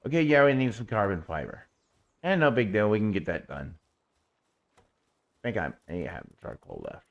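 A man's voice: lowish voice, sing-song, normal speed, gravelly, dull audio. A man streaming a video game, chatting to viewers and cooing baby talk at his in-game pet. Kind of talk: casual gameplay commentary.

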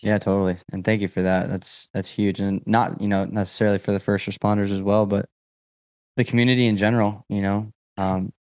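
Deep-voiced man hosting a podcast. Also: little pitch movement, brisk, darkish tone, no room sound, clean studio sound. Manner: affirming, appreciative responses. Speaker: podcast host. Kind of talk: casual interview chat.

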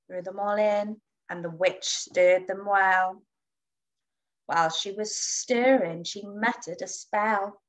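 Very slow, expressive woman reading a storybook. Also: medium pitch. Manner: expressive, dramatic reading with whispers and gasps. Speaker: school storyteller. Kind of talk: children's storybook read-aloud.

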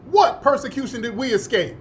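A man's voice: extremely high pitch, lively intonation, fairly quick, a little hiss or hum. A man hosting a show, giving heated, indignant commentary, cursing and repeating phrases for emphasis. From United States, born in the North, raised in the South. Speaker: host.

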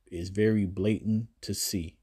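A man with a fairly low voice preaches from scripture in a loose, conversational way. He leans into words and jumps up in pitch to stress a point, then drops back down to casual talk. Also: fairly even intonation, measured pace, husky. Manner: emphatic, swinging pitch and loudness; casual slangy delivery. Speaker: scripture teacher. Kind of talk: informal preaching.

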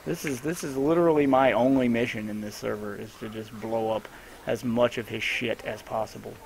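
A man streaming his own gameplay, talking casually to a teammate in a loose, chatty way and giving quick instructions. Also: medium pitch, steady tone, vocal fry, rough recording.

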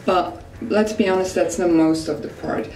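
Vlogging with a Swiss German accent, this young woman from Switzerland takes a playfully mock-serious, sarcastic, casual approach. Her fairly low voice is warm and steady at a normal speed, set against roomy echo and faint music.

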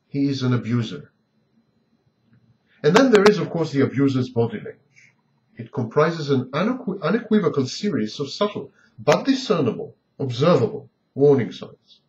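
A man's voice: mid-range voice, very animated, normal speed, darkish tone, a little hiss or hum. A man giving a scripted lecture on abusive partners, asking a long string of pointed rhetorical questions. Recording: dull lo-fi recording.

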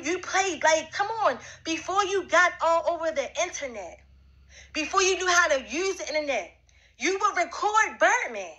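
A woman speaks in a high, bright voice, confronting someone directly. She talks in an emphatic, repetitive way, coming back to the same demands again and again. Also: low-quality recording. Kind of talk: direct-address accusation.

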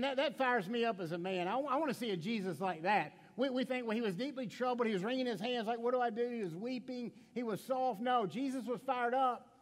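A man preaching a sermon as pastor, passionate and conversational, often dropping to a hushed tone and asking the congregation direct questions. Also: very high voice, in a large hall.

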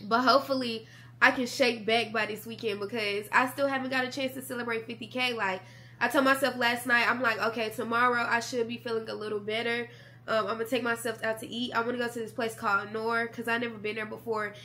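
A woman's voice: on the high side, flat delivery, fast talker, sharp tone. A young woman vlogging from bed at home, sick with a sore throat and a stuffy nose, chatting casually to her viewers and calling them y'all. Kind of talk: casual chat to camera. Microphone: camera mic.

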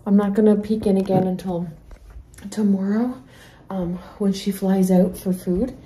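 A woman vlogging from her garden, excitable and out of breath, talking in a rush full of "like" and sometimes dropping to hushed whispers. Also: mid-range voice, unhurried, rough recording. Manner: excitable and emotional, lots of "like"; drops to hushed whispers near the nest. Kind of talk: casual vlog to camera. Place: outdoors in a home garden and deck.

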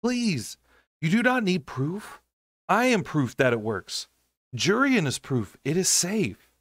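A desperate young woman begs in a voice pushed well up in pitch, as a male reader puts her on. Her pleas are urgent and the sound is dry and close, with no room around it. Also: sing-song, takes it slowly, a bit bright, dry recording, full character voice. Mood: pleading. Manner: pleading, raised pitch.

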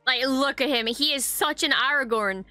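Young female reaction host, slightly high clear voice, expressive and profane, faint music underneath. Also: moderate pace, dry recording. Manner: expressive, swears casually, gushing. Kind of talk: casual reaction commentary.

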